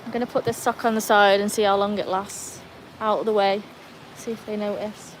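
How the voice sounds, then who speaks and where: Woman, livestream host, outdoors by a pool, chatty, high sing-song with the dogs, faint outdoor ambience. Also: flat delivery, brisk, a little hiss or hum. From Wales. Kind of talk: casual livestream chat with viewers.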